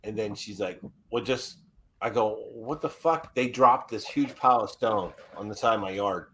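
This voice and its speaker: A man's voice: on the low side, normal speed, bright, forceful tone, a little hiss or hum. Profane laughing storyteller man. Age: 40s. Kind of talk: casual podcast chat.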